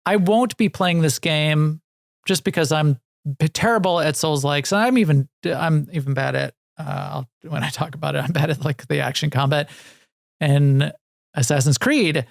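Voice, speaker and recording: Gravelly-voiced man hosting a podcast. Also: fairly high pitch, normal speed, no echo, clean studio sound. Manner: rambling, self-deprecating, many restarts and "right"s. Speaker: podcast co-host. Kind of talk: casual chat about video games.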